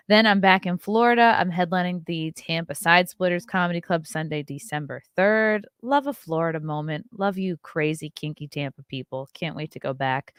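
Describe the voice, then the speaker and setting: A woman hosting a casual podcast, talking in a chatty, joking way. Her voice sits a little low and comes across smooth and clear. The sound is dry and close, with no room around it. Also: no echo. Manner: chatty, joking, quick asides. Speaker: podcast host.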